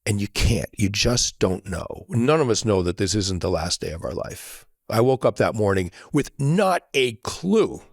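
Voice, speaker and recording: A man as a podcast guest, telling a reflective story in an earnest way, often checking in with a quick "right?". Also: lowish voice, lively intonation, slightly rough, no echo, clean studio sound.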